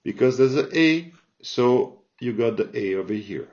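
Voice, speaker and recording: Slow man teaching grammar, lo-fi sound. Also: mid-range voice, expressive, a little mellow. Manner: slow, repeats forms, checks in with "all right?". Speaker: Spanish teacher. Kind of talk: explaining grammar from a chart. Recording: dull lo-fi sound.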